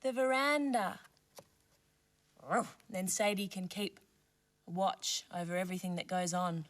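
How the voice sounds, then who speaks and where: A woman presenting a children's TV show, playing gently with toy animals and asking the young viewers questions. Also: mid-range voice, measured pace, long pauses.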